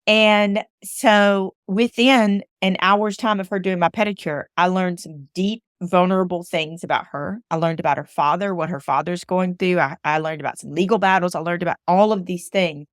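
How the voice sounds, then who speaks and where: A woman from Alabama speaks as a motivational storyteller in a somewhat low voice. She presses her points by repeating short phrases. The sound is dry and close. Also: fairly even intonation, moderate pace, hardly any pauses, dry recording. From Alabama, USA. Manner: emphatic, repeats phrases for emphasis. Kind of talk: personal storytelling monologue.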